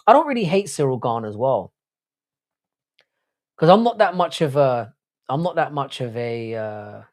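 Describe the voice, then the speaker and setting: A man's voice: mid-range voice, very animated, a little slow. A man hosting a casual livestream chat, rambling and swearing, often restarting his sentences. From Ireland. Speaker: podcast host.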